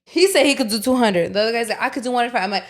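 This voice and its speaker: A young woman co-hosting a podcast, telling a story in casual chat, animated and swearing, acting out the voices of other people. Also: on the high side, very fast. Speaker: podcast co-host.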